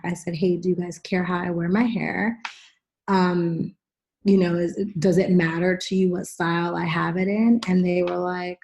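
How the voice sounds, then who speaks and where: A middle-aged woman hosting a podcast, telling stories in a casual, animated way and acting out what people said. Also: fairly low pitch, gravelly. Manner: animated storyteller, acts out quotes. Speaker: podcast host and actress. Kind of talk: casual chat, storytelling.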